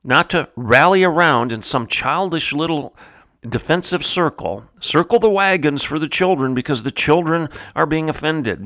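Emphatic preacherly commentary host. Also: male voice, fairly high pitch, a bit bright. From Oklahoma. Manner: emphatic, preacherly, repeats phrases for stress. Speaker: podcast host. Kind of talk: commentary monologue.

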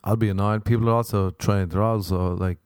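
A man's voice: lowish voice, fairly even intonation, fairly quick, a little mellow, clean tone, no echo. A man hosting a podcast on his own, delivering a casual monologue in profane, rambling, self-mocking rants. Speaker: podcast host. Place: Los Angeles.

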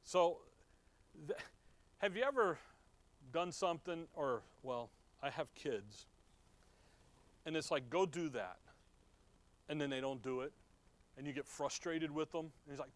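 A man's voice: fairly high pitch, lively intonation, a little slow, long pauses. A middle-aged man teaching from the Bible in a conversational way, reading verses aloud and asking his listeners questions. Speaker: preacher.

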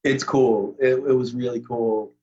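A man's voice: medium pitch, fairly even intonation, measured pace, warm tone, breathy edge, dull audio. A man talking casually as a podcast guest, rambling in a laid-back way with lots of fillers. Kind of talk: casual conversation.

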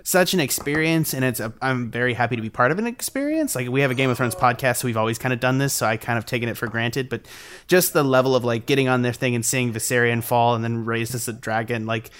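A man co-hosting a podcast, talking in an animated, opinionated way in casual chat. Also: medium pitch, quick pace, smooth. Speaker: podcast co-host.

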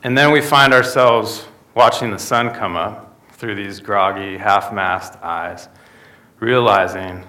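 A man's voice: on the low side, a little slow, sharp tone. A young man preaching a sermon in a conversational way, often tossing in rhetorical asides to the listeners. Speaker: pastor.

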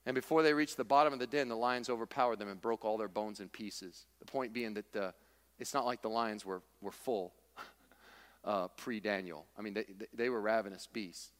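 A man's voice: on the low side, fairly even intonation, normal speed, a bit bright, long reverb tail. A man preaching a sermon, emphatic and repetitive, with folksy humor. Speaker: pastor.

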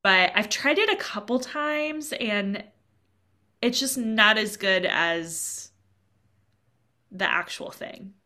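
A woman's voice: medium pitch, animated, slow, pauses often, sharp tone. A woman co-hosting a podcast in casual chat, talking freely and quoting her own thoughts aloud. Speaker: podcast co-host.

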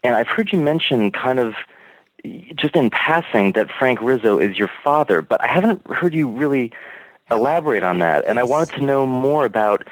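A man's voice: medium pitch, expressive, normal speed, no echo, poor audio. A male caller on a podcast, talking in a rambling, hedging way full of fillers. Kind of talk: casual call-in chat.

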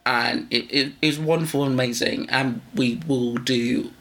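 A man's voice: medium pitch, fairly even intonation, normal speed, creaky, fairly bright tone. A man co-hosting a podcast, talking in rambling, self-interrupting casual chat. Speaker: podcast co-host.

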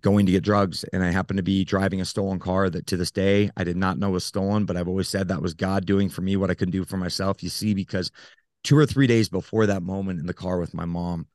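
A man with a very low, deep voice tells his own story as a podcast guest. He speaks earnestly and haltingly, often pausing on fillers. The sound is dry and close, with no room around it. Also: fairly even intonation, a little mellow, no room sound. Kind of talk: personal storytelling in an interview.

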